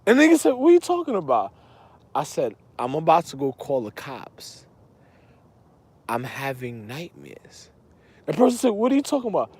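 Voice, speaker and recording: A man's voice: high voice, huge pitch swings, fast talker, darkish tone, husky. A man rambling in a monologue, repeating himself and breaking into laughter. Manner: repetitive, laughing, erratic.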